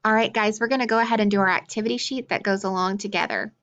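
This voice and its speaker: A woman teaching a phonics lesson to children, slowly sounding out syllables and praising often. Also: mid-range voice, fairly even intonation, a bit bright.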